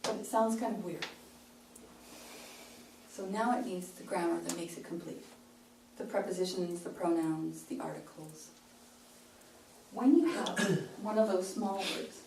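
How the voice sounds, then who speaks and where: A woman with a lowish, gravelly voice coaches pronunciation in a workshop talk, showing phrasing in short chunks. She's from Canada. The recording has a roomy sound from a distant mic and faint hiss.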